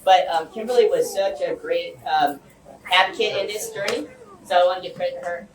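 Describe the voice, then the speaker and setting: A man's voice: sits high, fairly quick. Earnest man giving a rambling speech. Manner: rambling and earnest, many fillers and restarts. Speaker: guest speaker. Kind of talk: impassioned speech to a community group. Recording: echoey room, far from mic, faint hum.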